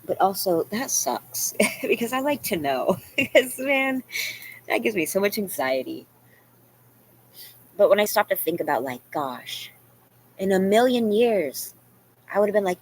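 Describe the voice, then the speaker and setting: A woman's voice: medium pitch, very animated, a little slow, long pauses, a little hiss or hum. A woman vlogger venting to camera, rambling and self-deprecating, at times crying. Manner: rambling, tearful, self-deprecating, with many "you know"s.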